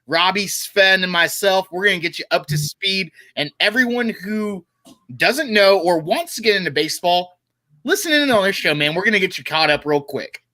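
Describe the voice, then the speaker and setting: Male podcast guest, high bright voice, cheerful. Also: lively intonation, normal speed. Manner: upbeat, friendly, laughing. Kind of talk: casual podcast chat.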